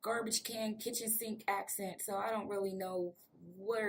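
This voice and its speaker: A woman's voice: mid-range voice, level tone, normal speed, crowd noise. An American woman hosts a casual interview over a video call. She rambles, thinks aloud and laughs often as she talks. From United States. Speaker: podcast host. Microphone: remote call on video.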